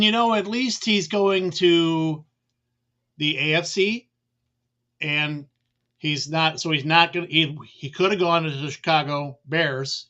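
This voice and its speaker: Relaxed man as a mortgage guest, bright voice, heard over muffled remote call audio, rambles with fillers. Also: fairly high pitch. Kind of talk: casual remote chat.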